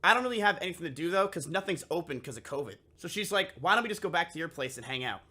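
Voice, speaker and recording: A man's voice: on the high side, lively intonation, very fast, sharp tone. A young man streamer telling a story casually to his live chat, swearing freely and acting out both sides of the conversation.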